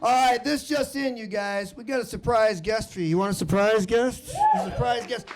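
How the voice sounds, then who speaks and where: A man's voice: very high-pitched, normal speed, few pauses, over music. A man hosting a comedy show, hyping up the crowd and introducing the next act. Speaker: host.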